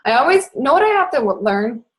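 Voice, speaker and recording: A young woman from the Boston area who talks very fast in a bubbly, chatty way as she coaches her team in a casual talk. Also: sits high, very animated. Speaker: network marketing fitness coach.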